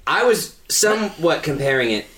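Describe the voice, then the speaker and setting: A man's voice: a little high, very animated, normal speed, fairly bright tone, echoey room, slight background noise. A man on a casual podcast panel, speaking emphatically and incredulously. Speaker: podcast co-host. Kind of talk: casual group chat.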